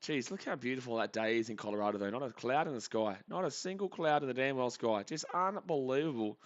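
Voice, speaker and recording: A young man hosting a live baseball reaction stream, calling the plays casually and reading out chat messages with bursts of excitement. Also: mid-range voice, fast, muffled recording. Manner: casual chatty commentary, reads chat aloud, excitable.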